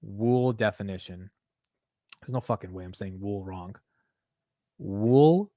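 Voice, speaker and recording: A man's voice: fairly low pitch, slow, mellow, dry recording, studio quality. A young man hosting a casual stock market livestream, chatting loosely, swearing and laughing at himself while reading chat aloud.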